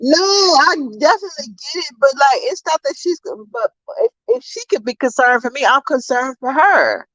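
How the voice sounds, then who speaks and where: A young adult woman casually telling stories to her viewers in an animated, profane, laughing way. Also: normal speed, few pauses, dry recording. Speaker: vlogger. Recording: dull, dry low-fi sound.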